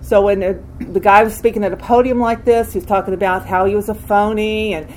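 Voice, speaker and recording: Older woman telling her story haltingly. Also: mid-range voice, steady tone, a little mellow, slight background noise, low-quality recording. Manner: halting, candid, frequent restarts. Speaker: speaker sharing a recovery story. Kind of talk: personal testimony.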